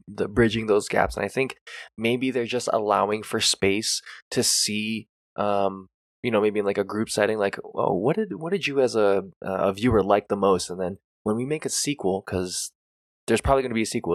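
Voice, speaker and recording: A man's voice: fairly low pitch, brisk, no room sound. A man co-hosting a podcast, rambling and swearing as he searches for words about a film. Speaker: podcast co-host. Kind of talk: casual chat reviewing a film.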